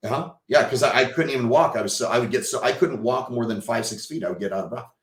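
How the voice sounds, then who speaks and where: A man, a podcast guest, telling a personal story with emotion and acting out the dialogue, swinging from hushed to loud. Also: mid-range voice, fast, roomy sound. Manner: vivid storyteller who acts out quoted dialogue.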